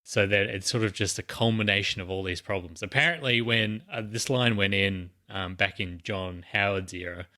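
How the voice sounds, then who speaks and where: A man's voice: lowish voice, normal speed, few pauses, sharp tone. A man co-hosting a podcast, explaining a news story in casual chat with many fillers and restarts. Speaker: podcast co-host.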